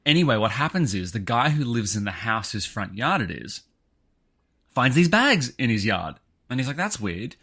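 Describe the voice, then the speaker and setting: A man co-hosting a podcast, telling a story in casual chat, animated and full of swings in pitch. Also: normal speed, slightly rough. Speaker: podcast co-host.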